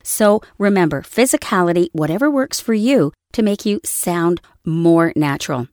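Woman, voice-over coach, conversational teaching, slightly low voice, dry close studio mic. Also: expressive, moderate pace, darkish tone, dry recording. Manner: conversational, explains with acted examples. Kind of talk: instructional talk on voice acting. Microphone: studio microphone.

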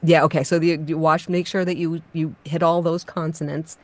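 A woman's voice: sits low, little pitch movement, moderate pace. A woman coaching a voice actor, giving direct feedback with frequent ums. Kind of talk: casual critique.

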